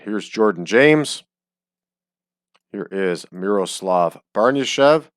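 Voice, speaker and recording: A man talking casually over his game with a fairly low voice. His chatter is jokey and loose, sprinkled with ums. The sound is dry and close, with no room around it. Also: fairly bright tone, dry recording. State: hiccups. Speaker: game streamer. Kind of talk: casual let's-play commentary. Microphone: desk microphone.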